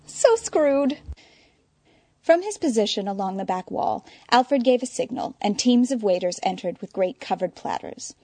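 A woman narrating a story in a measured, wry storytelling manner. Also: medium pitch, darkish tone, dry recording. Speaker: audiobook narrator. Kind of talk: scripted narration.

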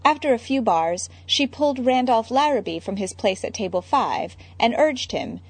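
A woman narrating a story in a measured, wry storytelling manner. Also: a little high, expressive, slightly rough. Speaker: audiobook narrator. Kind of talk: scripted narration.

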